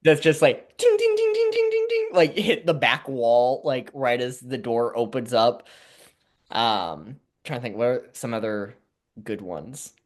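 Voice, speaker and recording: A young man spinning an improvised comedy story at an unhurried, slow pace. He often pauses to search for words, filling the gaps with "um"s and laughing as he goes. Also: medium pitch, expressive. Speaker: co-host.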